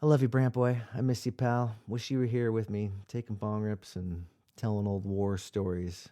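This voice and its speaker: A man's voice: on the low side, level tone, moderate pace, mellow. A man hosting a home-made radio podcast, talking in a tired, rambling way with many ums and restarts. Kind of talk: casual rambling chat.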